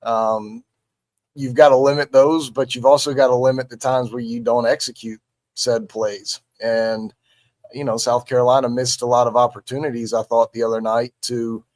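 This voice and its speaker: Male sports analyst, mid pitch, halting delivery, dry sound. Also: level tone, darkish tone, no room sound. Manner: halting, many restarts and fillers. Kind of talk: casual sports talk.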